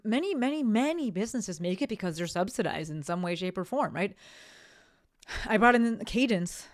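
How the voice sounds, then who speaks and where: A woman hosting a solo podcast, talking bluntly with lots of swearing and rambling tangents, often tagging sentences with "right?". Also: fairly low pitch. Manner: blunt, profane, rambling with frequent "right?" tags. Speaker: podcast host. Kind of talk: casual solo podcast monologue.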